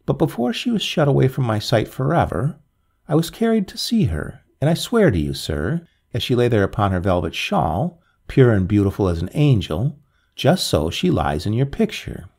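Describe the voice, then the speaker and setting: A man voicing a heartbroken older father who tells of his dead daughter in a halting, pleading way. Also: mid-range voice, big pitch swings, creaky, darkish tone, breathy edge, full character voice. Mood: grieving.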